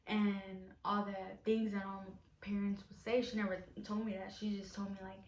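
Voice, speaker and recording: A young woman tells a story in a loose, rambling vlog voice, full of fillers, her pitch staying flat and even. She sits back from the camera mic, so the room rings around her. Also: normal speed, far from the mic, a little hiss or hum. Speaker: vlogger. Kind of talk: casual storytime. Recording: roomy echo, off from mic.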